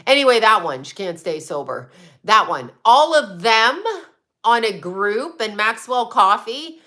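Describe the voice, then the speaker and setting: Casual livestream host, woman, bright tense voice, blunt and rambling, answers chat as she goes. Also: medium pitch, very animated, measured pace. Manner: rambling, blunt, swearing, laughing often. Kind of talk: casual live chat reading viewer comments.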